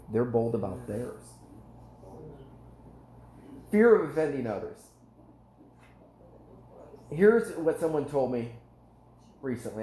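A man preaching a sermon as animated storytelling, his voice climbing high whenever he gets excited. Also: a little hiss or hum. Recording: echoey room.

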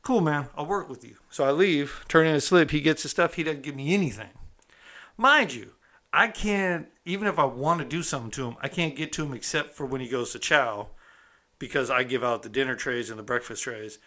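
A man's voice: mid-range voice, fairly quick, bright, forceful tone. A man casually telling a story from his own past in a streetwise, conversational way, often checking in with the listener. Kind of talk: casual first-person storytelling.

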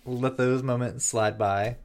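In a relaxed podcast conversation, this male co-host with a mid-range voice stays lively and breaks into laughter easily.

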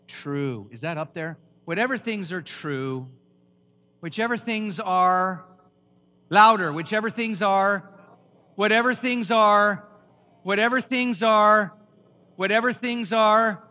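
Man, pastor, emphatic sermon, high voice, questions the crowd. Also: bright, forceful tone. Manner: preachy and emphatic, quizzing the audience.

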